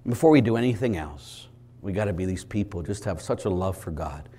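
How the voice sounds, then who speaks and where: A Catholic priest giving a lively preaching talk, an animated storyteller with sudden loud bursts and chuckles. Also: male voice, low-pitched, a little fast, husky.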